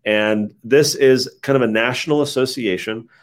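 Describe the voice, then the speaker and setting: A man guesting on an interview show, telling stories in a relaxed, casual way with lots of "like" fillers. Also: mid-range voice, normal speed. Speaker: interview guest, think tank head. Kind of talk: casual conversational storytelling.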